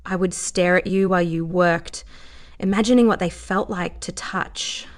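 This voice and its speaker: Woman reading as a quiet older guy, hesitant and soft, lowish voice. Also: fairly even intonation, normal speed, close to an everyday voice. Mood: hushed. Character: older male professor, shy and longing.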